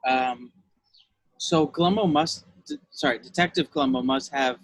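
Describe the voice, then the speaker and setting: Man, interviewer, loose casual talk, mid pitch. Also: moderate pace, poor audio.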